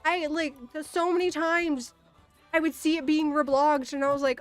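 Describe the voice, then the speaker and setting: Over soft background music, a young woman streamer with a high-pitched, level voice rants at normal speed. She's casual and fed up, cursing frequently and laughing in disbelief.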